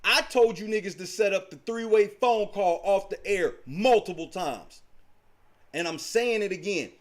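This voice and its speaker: A man's voice: high-pitched, measured pace. A man hosting a livestream, arguing heatedly in a profane, taunting and mocking way. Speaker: livestream host.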